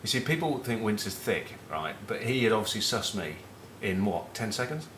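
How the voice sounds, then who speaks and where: A middle-aged man from northern England, a former rugby captain with a Northern English accent, rambles through casual rugby chat full of cheeky, sweary match talk and anecdotes. His fairly low, sing-song voice has a fairly bright tone at normal speed. There's reverb and a little hiss or hum.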